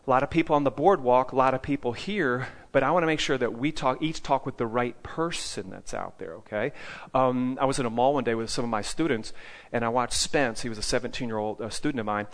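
A man's voice: medium pitch, a little fast. A man teaching a group about street evangelism in a preaching style. He quizzes his listeners and checks in with "okay?" after almost every point.

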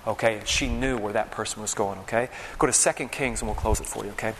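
A man's voice: fairly low pitch, fairly even intonation, fast, a bit bright, slight background noise. A man preaching a sermon, telling vivid stories and checking in with the crowd with "okay?" and "all right?". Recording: long reverb in a large hall.

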